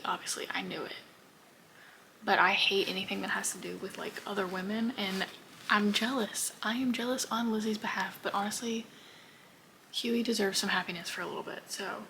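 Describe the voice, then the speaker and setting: A woman's voice: medium pitch, steady tone, normal speed, gravelly, sharp tone, slight background noise. A young woman talking casually in a reading vlog, emotional and often dropping to a whisper. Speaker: book vlogger.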